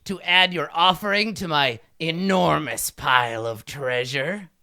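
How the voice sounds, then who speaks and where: A man's voice: measured pace, creaky, pushed and bright, exaggerated voice. A man doing a pompous kobold king. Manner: booming, self-important proclamations. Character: pompous male kobold king, boastful and grandiose.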